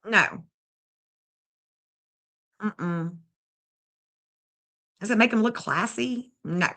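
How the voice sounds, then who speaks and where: A woman's voice: medium pitch, drawn-out words, long pauses, bright, forceful tone. A woman, bluntly and indignantly scolding as she comments on a livestream. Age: 50s. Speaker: true crime streamer.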